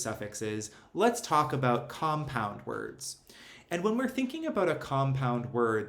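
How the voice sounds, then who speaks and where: A man giving a recorded lesson, explaining things in a measured, methodical way. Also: medium pitch, a bit bright. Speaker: literacy instructor. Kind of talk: recorded lecture. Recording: roomy echo, faint ambient noise.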